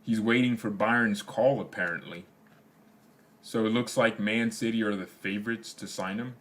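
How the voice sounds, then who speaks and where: Rambling young man with a lowish voice. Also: normal speed. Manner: rambling, laughs often, slangy. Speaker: fan channel host. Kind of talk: casual livestream chat reading comments.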